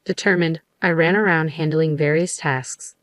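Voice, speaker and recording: A woman narrating a first-person story in an even, matter-of-fact scripted reading. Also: low-pitched, normal speed, no echo.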